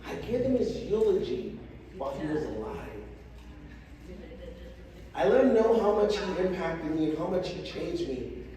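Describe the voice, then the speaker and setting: A man's voice: high-pitched, very animated, moderate pace, pauses often, mellow. A middle-aged man giving an emphatic motivational speech on stage to a large audience and getting the crowd to repeat lines after him. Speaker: motivational speaker. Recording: echoey hall, distant mic, crowd.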